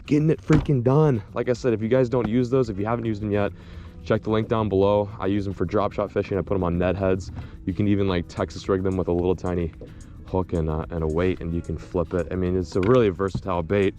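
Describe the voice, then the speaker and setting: Excitable low-voiced man fishing outdoors. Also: fairly quick, soft background music. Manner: excitable, exclaiming and laughing while reeling in fish. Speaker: fishing vlogger. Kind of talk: casual on-camera fishing commentary. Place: outdoors by the water in winter.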